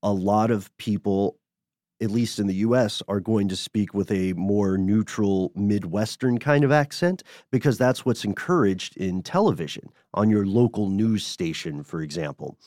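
A man's voice: fairly low pitch, moderate pace, darkish tone, no room sound, clean studio sound. A man from Tennessee co-hosting a podcast, reading listener mail and chatting in an easygoing way, laughing often. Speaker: podcast co-host. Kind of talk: casual podcast chat.

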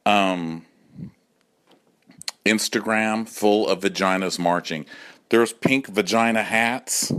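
A man's voice: lowish voice, slow, fairly bright tone. A man in his forties delivering a campy, profane comic monologue at home, often acting out other voices. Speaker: comedy podcast host.

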